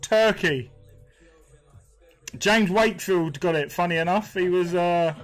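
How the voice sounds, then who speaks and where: A man's voice: high-pitched, a little slow, faint music behind, rough recording. A British man hosting a live stream, chatting casually, reading names aloud and chuckling often. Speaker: host.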